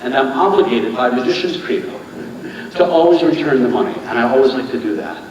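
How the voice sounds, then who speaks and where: A man's voice: medium pitch, expressive, fast talker, darkish tone, highs cut off. A man performing as a stage magician, chatting and joking with volunteers in front of a live audience. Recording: echoey theater hall from far off, audience noise.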